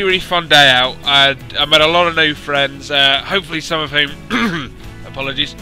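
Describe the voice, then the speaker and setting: Bright-voiced young man commentating a game. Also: a little high, low-quality recording. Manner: chatty, rambling asides with dry self-mocking humour. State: slightly hoarse.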